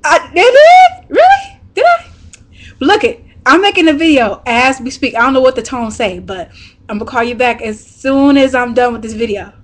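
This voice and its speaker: A young woman vlogging as she unboxes a package, excited and gushing, and laughing often. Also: fairly high pitch, brisk.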